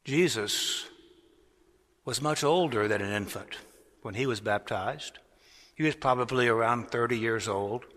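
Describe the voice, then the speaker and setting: A man preaching a sermon as a pastor, deliberate and rising to strong emphasis on key words. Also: mid-range voice, fairly bright tone. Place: large cathedral. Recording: long cathedral reverb.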